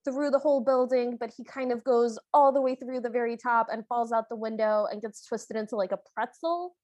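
High-voiced playful woman co-host. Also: a little mellow, no echo. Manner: playful, laughs often, quick retelling. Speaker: podcast co-host. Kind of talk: casual chat.

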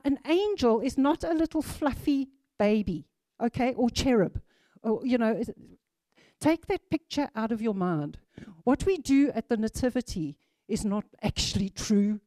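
Slow, warm-voiced woman preaching. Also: a little high, no echo, studio quality. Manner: lively, repeats key phrases for emphasis. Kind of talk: sermon with Bible reading.

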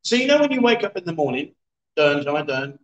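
A man's voice: a little high, sing-song, fairly quick, reverberant, lo-fi sound, a little hiss or hum. A man in his fifties hosting a casual livestream from a bar, bantering, laughing and reading out viewer comments. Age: 50s. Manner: jokey, laughing, chatty banter. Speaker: livestream host. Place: bar in a city.

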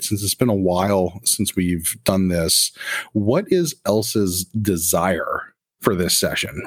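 Brief: male game master, lowish husky voice, dry close sound. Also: dry recording. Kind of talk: running a tabletop game.

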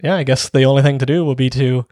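A man's voice: mid-range voice, steady tone, fast, dark tone, no room sound, studio quality. A man co-hosting a casual tabletop gaming podcast, walking through rules step by step with frequent ums. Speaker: podcast co-host.

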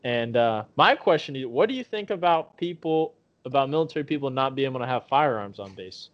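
A man's voice: mid-range voice, animated, brisk. A man co-hosting a podcast, telling a profane story and acting out the voices of the people in it. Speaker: podcast co-host. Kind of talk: casual storytelling chat. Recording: dull lo-fi podcast audio.

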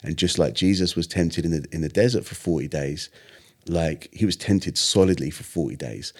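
A young man, a podcast guest, earnestly retelling a personal story in casual interview talk with lively acted-out quotes. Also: deep voice, moderate pace.

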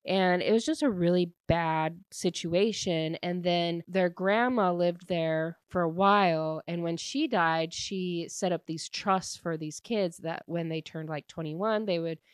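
A woman's voice: fairly low pitch, measured pace, few pauses, clean tone, no room sound. A young woman casually recapping a book she read, chatty and full of "like" fillers. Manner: chatty, heavy use of "like" fillers, laughs while retelling. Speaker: book reviewer.

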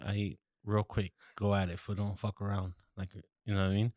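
A man in his thirties co-hosting a podcast in casual, profane chat, an animated storyteller who swears a lot. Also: on the low side, fairly quick, no echo, studio quality. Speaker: podcast co-host.

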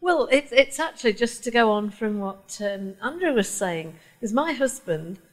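A woman's voice: fairly high pitch, animated, normal speed, low-quality recording. A woman from the audience telling a story with wry, dry humor. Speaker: audience member.

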